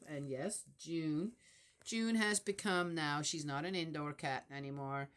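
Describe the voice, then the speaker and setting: Older woman, low and unhurried voice, rambling home vlog with prayers and family news. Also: animated. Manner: rambling, soft-spoken, many fillers and restarts. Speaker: vlogger. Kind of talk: casual spiritual reflection.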